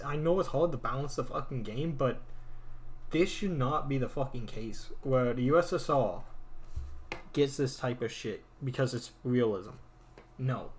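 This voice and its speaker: A frustrated gamer man who vents in a heated, swearing rant and repeats his points to hammer them home. His voice sits a little higher than most men's, with a faint hiss of noise behind him. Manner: frustrated, swears often, repeats words for emphasis. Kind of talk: angry ranting commentary over a game screen.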